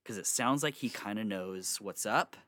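A man's voice: lowish voice, moderate pace, pushed and bright, no echo, clean studio sound. A man quoting his wife, who is pushy and matter-of-fact as she urges him on. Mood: urging. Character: supportive young wife, urging.

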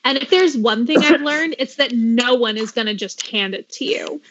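A woman's voice: on the high side, normal speed, muffled recording, slight background noise, lightly acted. A woman reading the lines of an ambitious, fame-hungry teenage girl from a script, in an earnest, self-assured way.

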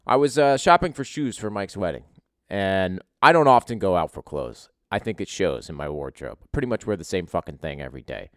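A man's voice: sits low, a little fast, no room sound, studio quality. A man hosting a casual podcast, telling a crude, joking story full of swearing. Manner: profane, joking, animated. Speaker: podcast host.

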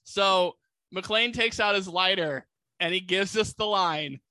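A man's voice: high voice, slow pace, pushed and bright, no room sound. A man co-hosting a casual podcast, animatedly retelling a movie plot and acting out quoted lines. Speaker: podcast co-host. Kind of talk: casual movie recap chat.

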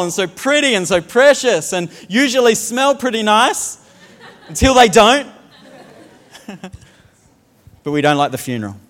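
A man's voice: high voice, a bit bright, big-room sound. A man preaching a sermon as a pastor, telling funny stories and mimicking the way others speak. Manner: humorous storytelling, mimics accents.

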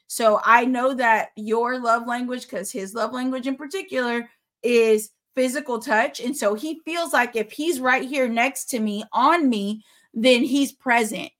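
Candid wife co-hosting a faith podcast. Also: female voice, a little high, a little slow, a bit bright. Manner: candid, playful, reflective. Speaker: podcast co-host. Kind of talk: casual podcast chat.

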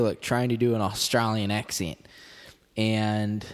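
A man's voice: on the low side, little pitch movement, unhurried, long reverb tail. A man with a Chicago accent hosting a podcast, rambling through jokey, digressive asides in a casual monologue. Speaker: podcast host.

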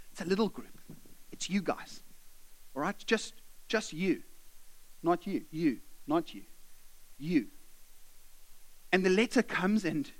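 High-voiced preacher talking to his flock. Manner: conversational, addresses the congregation directly. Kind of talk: sermon. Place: church.

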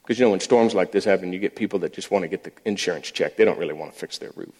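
A man's voice: low-pitched, racing, darkish tone. A man giving a sermon-style talk, telling stories about faith at work, often restarting and repeating words. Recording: long echoey hall reverb.

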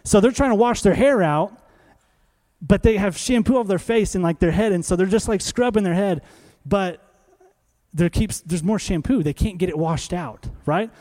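A male pastor preaching a sermon in a conversational, animated way, acting out little scenes. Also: high-pitched, moderate pace.

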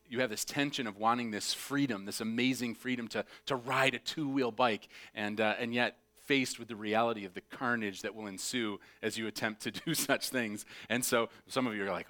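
Animated man preaching a sermon. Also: mid-range voice, moderate pace. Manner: animated storyteller, acts out shrieking child voices. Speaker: pastor. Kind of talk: sermon with storytelling.

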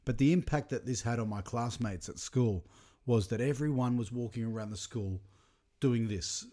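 A man talks through a comedy clip in a relaxed, reflective way. His voice is dark and mellow, and he stops and restarts now and then as he thinks. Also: medium pitch, normal speed. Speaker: commentator. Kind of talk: casual reaction commentary.

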